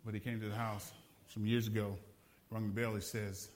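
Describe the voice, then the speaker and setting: A man's voice: fairly low pitch, little pitch movement, moderate pace. A man preaching a sermon, a pastor from the Los Angeles area, telling a story with laughs and repeated phrases for emphasis.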